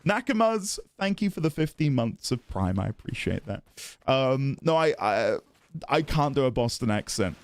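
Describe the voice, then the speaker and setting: A man's voice: mid-range voice, big pitch swings, moderate pace, no echo, soft background music. A man chatting casually on a live stream while playing a game, giggly and self-deprecating.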